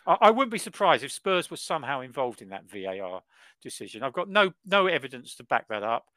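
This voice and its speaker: A man co-hosting a football podcast, ranting in an exaggerated, animated way. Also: medium pitch, fairly quick, no echo. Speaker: podcast co-host. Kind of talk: casual football chat.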